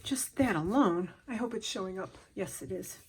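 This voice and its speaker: A craft vlogger with a medium-pitched, slightly breathy voice and lively intonation unboxes a gift package on camera at a moderate pace. She gushes, gasps and exclaims over each item, sometimes dropping to a whisper, in casual chat. Her camera sits on a stand that she moves by hand.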